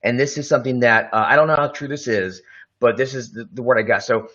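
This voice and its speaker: A man's voice: medium pitch, quick pace, fairly bright tone, muffled recording. A man hosting a podcast in casual chat, telling rambling stories full of hedges and fillers. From Tampa, Florida area. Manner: rambling storyteller, hedging with "I believe" and "uh". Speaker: podcast host.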